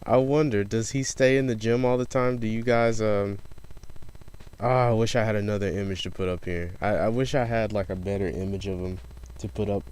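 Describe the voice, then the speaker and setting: Man, casual commentary, mocking, incredulous, casual swearing, lowish voice. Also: steady tone, brisk, darkish tone, smooth, poor audio. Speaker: commentator reacting to a recorded call.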